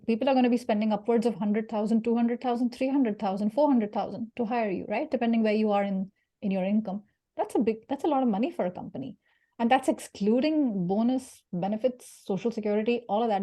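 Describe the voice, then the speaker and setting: A woman from India leading an interactive career workshop, lively and jokey, putting questions to her audience. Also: on the high side. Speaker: career speaker.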